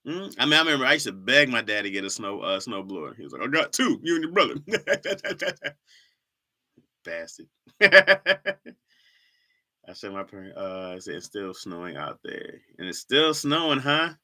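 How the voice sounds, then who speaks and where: A man's voice: medium pitch, big pitch swings, moderate pace, pushed and bright. A young man from Michigan hosting a casual livestream, reading viewer comments in loose slang and laughing often. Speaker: livestream host.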